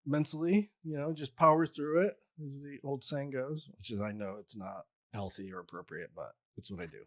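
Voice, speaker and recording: A man hosting an interview podcast, chatting casually while fighting a cold, relaxed and quick to joke. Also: mid-range voice, no room sound, studio quality. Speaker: podcast host.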